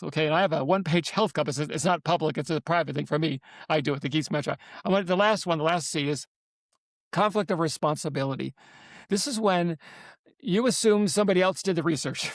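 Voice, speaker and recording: A man in his seventies, a guest author telling stories in an interview, animated and emphatic, often repeating himself. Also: a little high, no echo, studio quality. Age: 70s. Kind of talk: interview storytelling.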